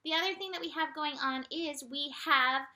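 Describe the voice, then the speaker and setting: A woman giving a casual spiritual astrology and tarot forecast in a gentle, soothing way, with light laughs and animated asides. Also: high-pitched, normal speed.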